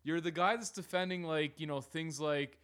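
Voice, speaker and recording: A man co-hosting a casual sports podcast, animated, swearing freely and laughing often. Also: a little high, moderate pace. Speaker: podcast co-host.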